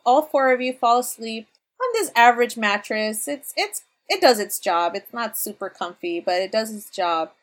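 A woman narrating as game master for a tabletop game, relaxed and chatty. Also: fairly high pitch, normal speed. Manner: relaxed, chatty, laughs often.

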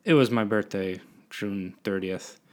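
A man's voice: lowish voice, measured pace. A man, hosting a solo podcast and rambling between topics in a self-deprecating way. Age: 20s. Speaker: podcast host.

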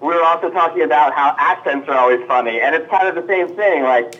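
A man's voice: fairly high pitch, fast, a bit bright, muffled recording. A man co-hosting a casual podcast chat, easygoing and joking along. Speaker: podcast co-host.

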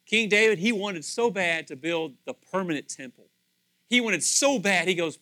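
Preacher, male, bright forceful voice, raised pitch, storytelling sermon, dry close sound. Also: moderate pace, no echo. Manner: conversational storytelling, acts out voices; animated, swings between loud and soft. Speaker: pastor.

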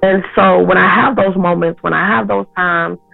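A woman in her thirties, an interview guest telling a personal story in an animated way, acting out the people in it. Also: lowish voice, moderate pace, gravelly, faint music behind. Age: 30s. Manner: animated, acts out others' lines in her story. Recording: tinny phone-like sound.

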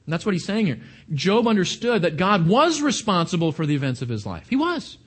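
A man preaches to his congregation in a fairly high voice. He talks in an animated way, repeating and restarting words as he builds his points. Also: brisk, slightly rough. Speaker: pastor. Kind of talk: sermon.

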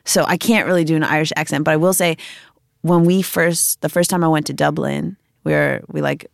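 A woman's voice: low-pitched, steady tone, fairly quick, creaky, dry recording, clean studio sound. A woman from Chicago, a musician guest who thinks aloud in loose, rambling sentences during a casual interview.

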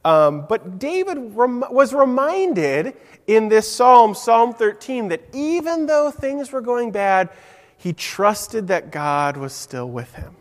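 A man's voice: very high-pitched, sing-song, slow, in a large hall. A man preaching a simple story-style sermon, asking his listeners questions. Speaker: preacher giving a children's message.

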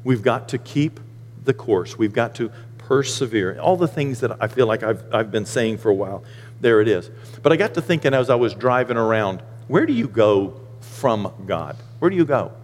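A man preaching a sermon as pastor, animated and folksy with joking asides. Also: medium pitch, normal speed, slight background noise. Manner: animated preaching, rising loud for emphasis. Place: church sanctuary. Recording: long hall reverb.

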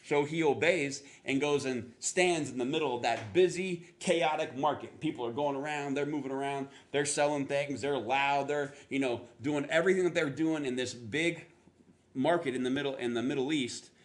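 A man preaching a sermon as pastor, telling a story in an animated way, acting out quotes with sudden jumps in pitch and adding self-deprecating asides. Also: moderate pace.

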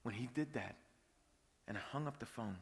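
A pastor preaching a sermon, telling a personal story that swings from hushed whispers to loud outbursts. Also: male voice, medium pitch, moderate pace, slightly rough, long reverb tail.

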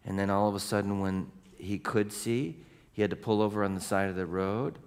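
A middle-aged male pastor preaching a sermon in a lively storytelling way, with casual conversational asides. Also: lowish voice, brisk, clear, resonant tone.

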